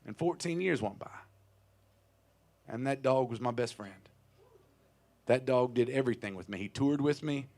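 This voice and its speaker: A man in his thirties spins a long, wry story between songs, talking casually and swearing freely. His voice sits at an ordinary middle pitch. He is heard through a stage microphone in a small music club. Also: normal speed, pauses often, darkish tone. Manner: wry, profane, conversational storyteller. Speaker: touring singer-songwriter telling a story on stage. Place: small live music venue.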